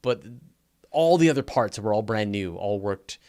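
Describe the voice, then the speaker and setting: A man with a Canadian accent co-hosting a podcast, talking casually and relaxed, often restarting phrases. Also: on the low side, normal speed. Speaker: podcast co-host. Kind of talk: casual chat.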